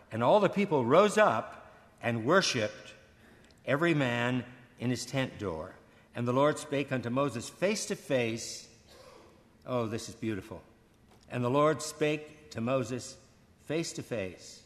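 An older man preaching a sermon, earnest, stammering and repeating words, slowing and swelling on key phrases. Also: medium pitch. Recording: long hall reverb.

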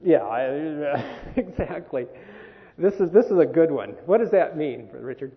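A man's voice: on the high side, expressive, unhurried. A man presenting a workshop on communication to a camp group, talking conversationally and asking the group questions. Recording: phone-quality recording in a reverberant hall.

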